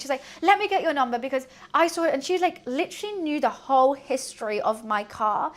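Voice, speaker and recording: A young woman streaming and chatting casually, telling a story with quick asides and frequent laughs. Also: high voice, lively intonation. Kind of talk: casual chat to a stream audience.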